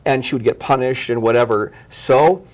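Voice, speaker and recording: A man's voice: medium pitch, normal speed. A man hosting a parenting talk show, thoughtfully summing up and framing questions for his guest. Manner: thoughtful, frequent restarts and fillers while framing questions. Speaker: host.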